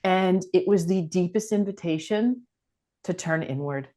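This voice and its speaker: A woman's voice: on the low side, unhurried, dark tone. A middle-aged woman speaking as a guest on a podcast interview, earnest and reflective.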